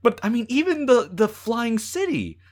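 Animated man ranting about a film. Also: extremely high pitch, moderate pace. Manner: animated, exasperated, acts out quotes. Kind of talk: casual movie review chat.

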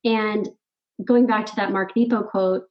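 A middle-aged woman, a podcast guest, telling a personal story in casual conversation, animated and laughing often. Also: medium pitch, measured pace, highs cut off. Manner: animated, laughs often, quotes her own thoughts.

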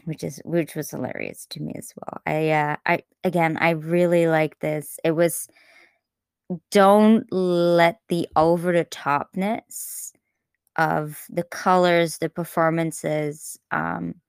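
Low-voiced woman, dry close sound. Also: slow pace, creaky, clean tone, no echo. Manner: animated, laughing often, trailing restarts. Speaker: podcast co-host. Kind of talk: casual film review chat.

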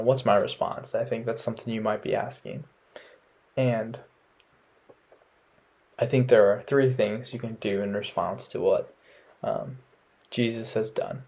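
A young man hosting a casual faith podcast, talking in a relaxed, rambling way with many ums and restarts. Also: medium pitch. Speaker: podcast host. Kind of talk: casual devotional podcast talk.

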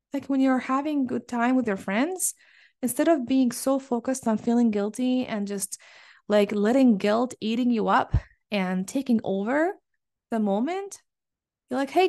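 A woman's voice: a little high, dark tone. A woman hosting a solo podcast, talking earnestly and encouragingly to parents, often repeating phrases for emphasis. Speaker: podcast host. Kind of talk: solo podcast coaching talk.

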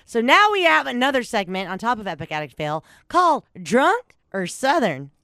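A lively woman hosts a casual podcast, telling stories and reading news aloud with wry commentary. Her voice is smooth and clear, with dry, close sound, and she swears freely and jumps up and down in pitch. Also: moderate pace, no room sound. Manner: animated, swearing, laughs often, big pitch swings. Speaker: podcast host. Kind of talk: casual chat.

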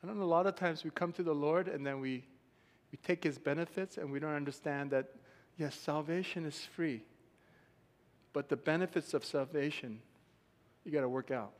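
A man preaching a sermon as pastor, telling stories with lively acted-out quotes and frequent laughter. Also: on the high side, normal speed. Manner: animated storytelling, acts out quotes, laughs often. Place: church sanctuary. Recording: long hall reverb.

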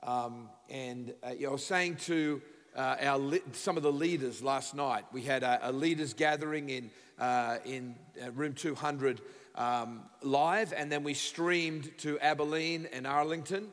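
A man in his fifties with an Australian accent, a guest pastor addressing a church congregation with lively, joking energy. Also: medium pitch, a little slow. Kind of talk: sermon. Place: large church hall. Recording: reverberant church hall.

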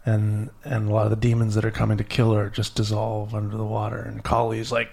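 Gravelly-voiced man telling a story. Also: lowish voice, fairly quick. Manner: animated storyteller, acting out characters. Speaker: podcast host. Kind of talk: storytelling to a child.

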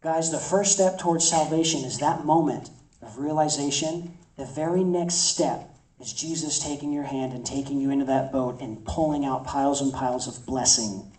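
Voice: mid-range voice, moderate pace, darkish tone, echoey room, recorded from a distance, low-quality recording. A campus ministry preacher delivering an emphatic sermon, repeating phrases for effect.

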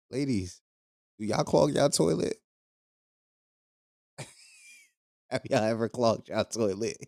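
A man with a low, mellow voice hosts a podcast in a loose, crude, joking rant. He rambles, repeats himself and laughs often. The sound is dry and close. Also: no echo. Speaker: podcast host.

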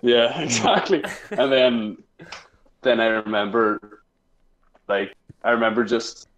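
A man's voice: mid-range voice, slow pace, fairly bright tone, rough recording. A young man telling a school story in casual chat with friends, rambling through fillers and laughing often. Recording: faint background noise with clicks.

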